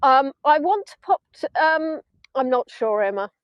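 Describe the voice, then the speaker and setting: Chatty high-voiced southern English woman. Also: animated, moderate pace, no echo, dull audio. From England (Hampshire). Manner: chatty, affectionate, answering viewers' comments. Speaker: virtual tour guide. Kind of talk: live-streamed outdoor tour chat. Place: outdoors on a beach at dusk.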